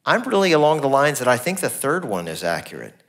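A middle-aged man preaching a sermon in a conversational way, acting out the lines he quotes with changes in pitch and loudness. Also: huge pitch swings, fast talker. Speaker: pastor.

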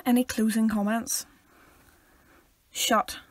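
A young woman co-hosting a podcast, teasing with dry, deadpan one-liners. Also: on the high side, slow pace, no echo. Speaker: podcast co-host. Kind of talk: casual chat.

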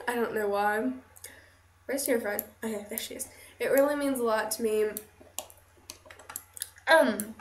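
A woman's voice: on the high side, slight background noise. A woman chatting casually over gameplay at home, giggly and rambling, often second-guessing herself. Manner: giggly, rambling, self-conscious. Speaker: let's play host. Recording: echoey room.

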